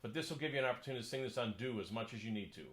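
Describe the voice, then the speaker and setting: A man working as a choir conductor, coaching a section through a piece, counting in and singing parts, sometimes in falsetto. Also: rapid-fire, poor audio. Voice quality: sings in falsetto. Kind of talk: choral coaching lesson.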